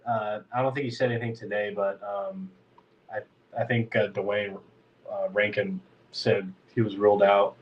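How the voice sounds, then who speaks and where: A man's voice: fairly low pitch, flat delivery, moderate pace. Stuffed-up guy rambling about his team on a podcast, kinda far from the mic, dull lo-fi sound. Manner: rambling, filler-heavy, frustrated fan. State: congested. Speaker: podcast host. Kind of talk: casual sports podcast talk.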